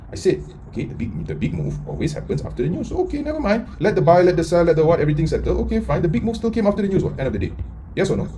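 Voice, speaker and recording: This trading mentor's live lesson is blunt and full of profanity, packed with rhetorical questions for viewers as he swings between shouting and muttering. He has a medium-pitched voice, and there's slight background noise.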